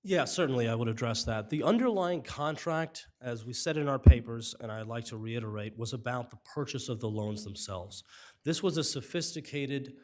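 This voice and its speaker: A man arguing as an attorney in a courtroom, formal and measured, his voice wearing thin. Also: medium pitch, lively intonation. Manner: formal, measured, apologetic when interrupted. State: voice giving out. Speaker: appellate attorney. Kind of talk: courtroom oral argument. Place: appellate courtroom.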